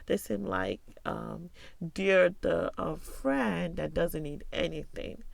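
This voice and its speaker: Heavily gravelly woman podcast host. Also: fairly low pitch, slow, dry recording. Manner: earnest and confiding, often asks "right?" and "you know". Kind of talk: candid podcast monologue.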